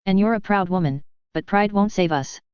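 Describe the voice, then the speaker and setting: A woman's voice: medium pitch, normal speed, darkish tone, clear, resonant tone, no echo, dull audio, close to an everyday voice. A synthetic woman's voice reading the lines of a bitter, proud young wandering woman in an audiobook. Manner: muttering, bitter.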